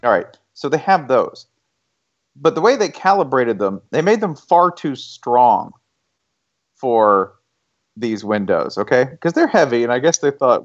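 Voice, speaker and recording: A man on a sports podcast spins a long story in a lively, storytelling voice. The audio is dull and lo-fi, like a modest home podcast setup. His pitch sits in a middling range. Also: unhurried. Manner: animated storyteller, bursts into high mocking voices. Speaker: podcast host. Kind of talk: casual sports chat.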